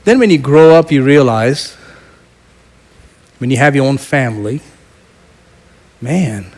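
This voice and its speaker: A middle-aged man preaching a sermon as pastor, telling a personal story and moving between loud proclamation and quiet asides. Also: mid-range voice, lively intonation, slow.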